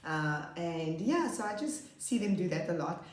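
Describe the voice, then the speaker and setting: Twenty-something woman teacher chatting about her class, expressive, leans on words, echoey room. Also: lowish voice. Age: late 20s. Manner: chatty, expressive, drawn-out emphasis. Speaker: grade 2 teacher. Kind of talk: casual storytelling vlog. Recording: roomy echo.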